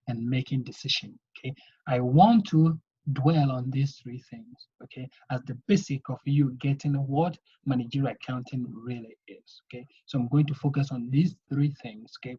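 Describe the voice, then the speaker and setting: Male lecturer, husky mid-range voice, step-by-step classroom explainer on a muffled lo-fi recording. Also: mid-range voice. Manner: explanatory, repeats "okay?" to check understanding. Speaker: accounting teacher. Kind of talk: video lesson lecture. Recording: dull lo-fi recording.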